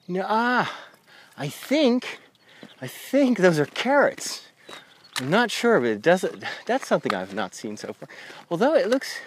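Chatty priest talking while walking. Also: male voice, sits high, noisy background. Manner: rambling, conversational, with frequent restarts. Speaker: Catholic priest and podcaster. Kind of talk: chatty walking podcast monologue. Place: outdoors on a country path. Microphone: lavalier mic on a phone.

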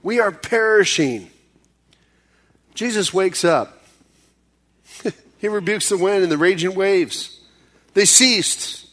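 A male pastor with a somewhat bright voice preaches a sermon conversationally. He acts out pleas in sudden high bursts and drops low and slow for serious points.

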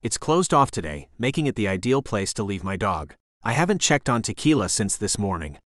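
A man narrates a first-person romance audiobook in a measured storytelling way. His voice sits on the low side. The recording is close and dry. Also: sing-song, no room sound.

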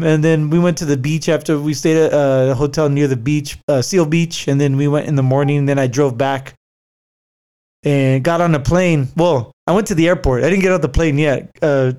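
A man's voice: a little high, moderate pace, a little mellow, clean tone. Rambling, swearing man telling a story. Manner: rambling, profane, many fillers and restarts; laughs easily. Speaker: traveler recounting a work trip. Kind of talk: casual storytelling chat.

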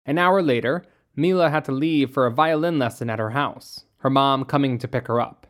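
Steady storyteller reading a novel. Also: medium pitch, moderate pace. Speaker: narrator. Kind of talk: audiobook reading.

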